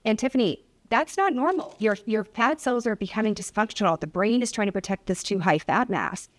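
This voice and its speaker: In a hearing room, a woman physician who specializes in obesity presents at a public hearing. Speaking at medium pitch and a little fast, she tells a patient story, acting out the dialogue.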